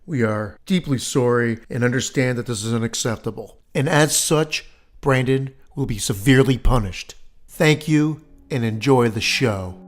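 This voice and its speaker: A man's voice: medium pitch, moderate pace. A man co-hosting a podcast, giving a dry, mock-formal scripted announcement. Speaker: podcast co-host.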